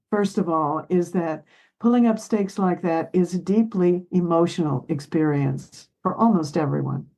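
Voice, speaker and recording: A woman's voice: medium pitch, darkish tone, rough recording. A woman in her seventies, a therapist, speaking earnestly and with feeling in an interview, sometimes choking up and laughing. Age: 70s. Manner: earnest, emotional, laughs while telling family stories. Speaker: therapist guest. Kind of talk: reflective interview talk.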